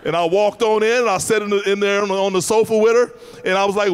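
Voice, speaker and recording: A male American pastor preaching a sermon, telling a personal story with laughs and shouted emphasis. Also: high-pitched, fast talker, clear, resonant tone. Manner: animated testimony, laughing, rising to shouts.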